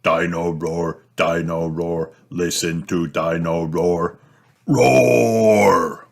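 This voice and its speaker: A man voicing a loud, repetitive singing toy dinosaur in a children's storybook. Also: lowish voice, completely flat delivery, gravelly, heavily acted. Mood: sing-song. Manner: slow sing-song chant.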